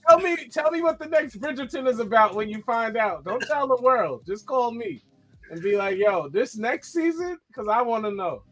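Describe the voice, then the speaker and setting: High-voiced New man, teasing. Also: moderate pace. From New York. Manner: teasing, animated, laughs often. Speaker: podcast co-host. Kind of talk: casual podcast banter.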